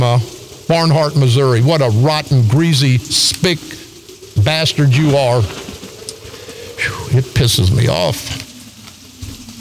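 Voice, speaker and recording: Older man ranting high and angry. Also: fairly bright tone, slight background noise, poor audio. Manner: ranting, combative, repetitive. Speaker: talk radio host. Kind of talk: angry radio monologue.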